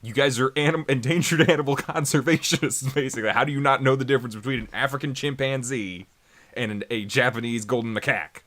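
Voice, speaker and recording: This anime podcast co-host talks fast in a medium-pitched, slightly bright voice. The chat is casual and he rambles full of fillers, laughing frequently and doing silly impressions of characters.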